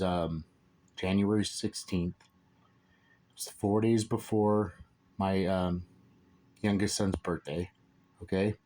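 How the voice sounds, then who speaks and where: Casual monologue from a man with a fairly low voice, telling a story in a rambling, emphatic way. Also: darkish tone. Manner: rambling and emphatic, repeating "okay?" and "dude". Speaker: father telling a personal story.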